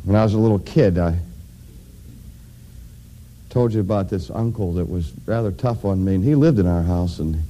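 A man preaching a sermon, addressing his congregation directly and building to loud, emphatic climaxes. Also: low-pitched, moderate pace, long pauses, highs cut off. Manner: addresses audience directly with questions.

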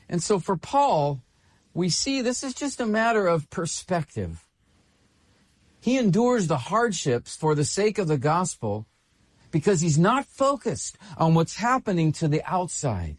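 A male pastor delivering a sermon with a slightly raised voice and a very lively pitch that swoops up and down. He leans on emphatic repetition to drive each point home. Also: normal speed. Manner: expressive preaching with emphatic repetition.

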